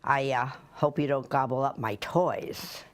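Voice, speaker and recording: A woman's voice: very deep voice, a little slow, voice pushed down. A woman reading aloud as a curious little male dog in a poem, with a plain, wondering delivery.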